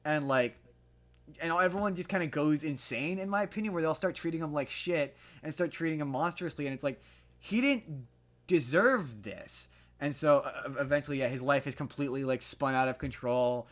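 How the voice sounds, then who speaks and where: A man's voice: a little high, normal speed. A young man on a podcast, recapping a film in a loose, rambling way. He trips over restarts and fillers and grows heated as he argues his point. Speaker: podcast co-host. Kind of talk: casual movie review chat.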